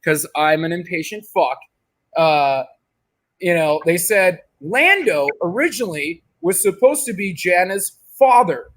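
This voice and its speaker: A man's voice: high-pitched, animated, measured pace, a bit bright. A man co-hosting a casual live chat, blunt and teasing, swearing freely. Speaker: co-host.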